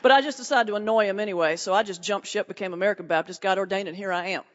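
A woman's voice: medium pitch, very fast. A woman, a pastor performing a stand-up comedy set with punchy, folksy delivery and her own laughter. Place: large hall before a live audience. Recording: distant echoey hall, muffled.

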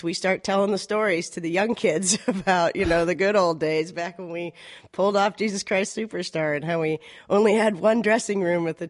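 A middle-aged woman, a community theater director, telling stories in a relaxed interview and acting out the quotes with laughs. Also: mid-range voice, no room sound, studio quality. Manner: animated, laughing storyteller who acts out quotes. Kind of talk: casual interview storytelling.

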